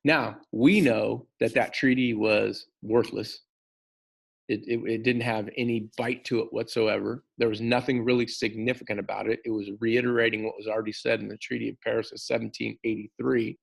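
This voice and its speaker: Gravelly-voiced male history teacher lecturing. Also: medium pitch, normal speed. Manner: animated, repeats words, talks to students directly. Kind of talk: classroom lecture.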